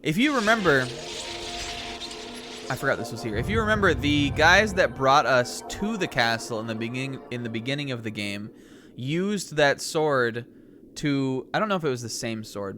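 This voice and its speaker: A young man streams a game and casually comments on it, rambling with plenty of fillers and laughing asides while reacting excitedly to the action on screen. His voice is medium-pitched at a normal speed, with a little hiss or hum in the audio.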